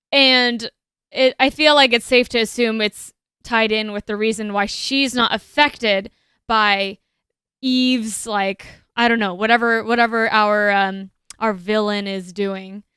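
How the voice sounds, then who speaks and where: A woman's voice: fairly high pitch, pushed and bright, smooth, no room sound, studio quality. A young woman with a West Coast US accent, chatting casually with viewers while streaming a game, rambling with frequent restarts.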